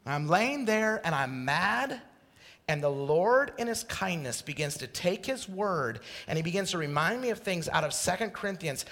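Impassioned high-voiced preacher in a reverberant hall. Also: male voice. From Idaho. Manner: passionate, swings from quiet confession to shouted exclamations. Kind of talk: sermon.

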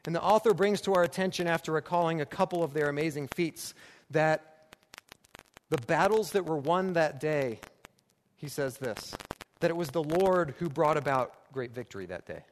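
Higher-voiced man preaching in a reverberant room. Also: normal speed. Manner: emphatic, repeating phrases for rhetorical build. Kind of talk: sermon. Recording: long reverb with faint background noise.

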